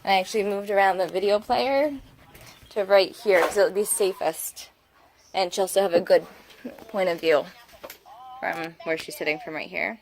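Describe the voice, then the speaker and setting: A woman's voice: medium pitch, normal speed, pauses often, a little hiss or hum. A young woman filming a home vlog as a mother. She vents frankly about her day, then turns sweet and coaxing when she speaks to her child. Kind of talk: casual home vlog chat. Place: family home, indoors.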